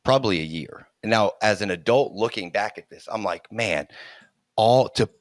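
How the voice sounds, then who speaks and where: A middle-aged man with a somewhat low voice spins a long personal story in a relaxed chat. He is animated, breaks into laughter often and restarts sentences mid-thought. The sound is dry and close, with little room around it. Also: normal speed, no room sound.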